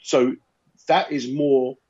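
A man's voice: mid-range voice, takes it slowly, a little hiss or hum. A man, a comedian and host, telling a stand-up anecdote in casual chat and acting out the voices in it. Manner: animated, acts out quoted voices in anecdotes. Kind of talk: casual comic storytelling. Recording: dull, slightly lo-fi podcast audio.

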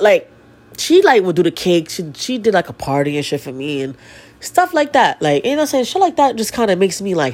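Profane, emotional young woman, stuffy-nosed. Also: medium pitch. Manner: blunt, profane, emotional and confessional. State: stuffy nose. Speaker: podcast host. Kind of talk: candid solo podcast monologue.

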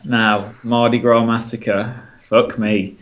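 A man's voice: medium pitch, little pitch movement, takes it slowly. Man, podcast co-host, casual chat, rambling, jokey, sweary.

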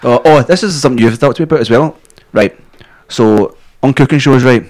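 A man's voice: mid-range voice, brisk, a little mellow. A Scottish man co-hosting a podcast, rambling and swearing constantly as he jokes. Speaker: podcast co-host. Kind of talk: crude casual chat.

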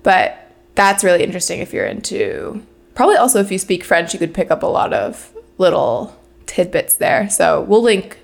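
Brief: young woman podcast co-host, low gravelly voice, loose chatty delivery full of fillers. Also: sing-song, moderate pace. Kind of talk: casual chat.

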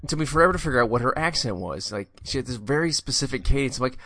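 A man's voice: mid-range voice, expressive, racing, sharp tone, dry recording, studio quality. A man chatting casually as a podcast co-host, telling playful anecdotes. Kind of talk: casual chat.

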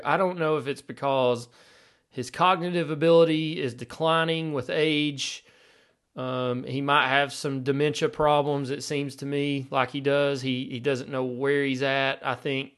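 A man's voice: mid-range voice, fairly bright tone. A man hosting a sports podcast, ranting sarcastically and firing off rhetorical questions. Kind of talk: opinionated podcast commentary.

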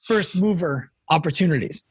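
High-voiced husky man hosting a podcast. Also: dry recording. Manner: lively storyteller, quick bursts. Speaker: podcast host. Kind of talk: casual conversational interview.

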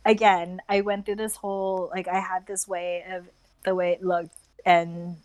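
Chatty American woman, low voice. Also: flat delivery, unhurried, darkish tone, no echo, low-quality recording. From United States. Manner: chatty, laughing, many filler words. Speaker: guest, travel blogger. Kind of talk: casual chat.

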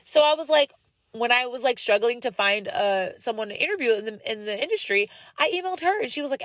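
Animated young woman podcast host. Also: a little high, fairly quick, no room sound. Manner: animated storyteller, acts out quoted voices; encouraging, direct address to listeners. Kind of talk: casual faith-based monologue.

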